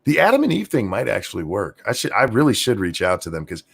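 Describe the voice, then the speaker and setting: Tipsy host guy rambling crude jokes, real low gravelly voice, swoops around a lot. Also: wildly swooping pitch, fast. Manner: crude, rambling, teasing, drinking while talking. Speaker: show host. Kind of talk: casual late-night stream chat.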